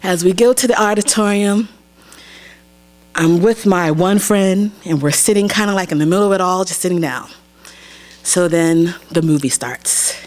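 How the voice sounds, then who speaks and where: Speaking at a normal speed with a fairly low pitch, a young woman from Pennsylvania shares a personal story live on a theater stage. She's animated and acts out the voices of the people in her tale.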